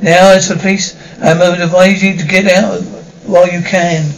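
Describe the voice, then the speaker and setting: An actor playing a greedy French hotel waiter who is blackmailing guests, with a French accent and oily, polite, halting phrasing, in 1950s TV drama style. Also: male voice, high voice, flat delivery, rough recording. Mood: smug threatening.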